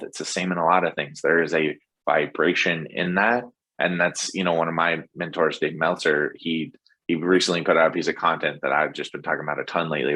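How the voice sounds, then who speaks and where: Deep husky guy chatting on a podcast, goes on and on, upbeat. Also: pushed and bright. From Texas. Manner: rambling, enthusiastic, lots of fillers. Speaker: podcast guest, doctor. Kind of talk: casual interview chat.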